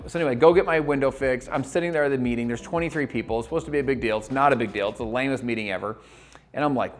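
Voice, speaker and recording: A man giving an energetic motivational talk to the viewer as a network marketing coach, acting out quoted voices as he goes. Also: medium pitch, racing, faint music behind.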